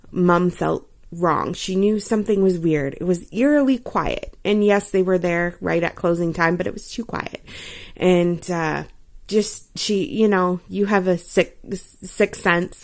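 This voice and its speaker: A woman in her thirties chatting casually about books she has read, rambling and giggly, with lots of fillers. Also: fairly low pitch. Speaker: vlogger.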